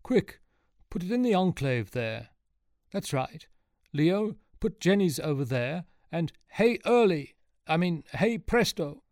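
A nervous, high-strung young man, voiced by a man reading a story aloud speaks in a raised, jittery voice. The reading is close and dry. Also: very animated, takes it slowly, a little mellow, dry recording, heavily acted. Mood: excited.

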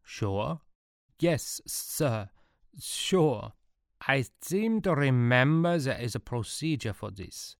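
A man voicing an eccentric male Prussian artillery officer who speaks in a brisk, deadpan way. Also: medium pitch, gravelly, dry recording, studio quality, pitched above the performer's own voice, exaggerated voice. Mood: interrogating.

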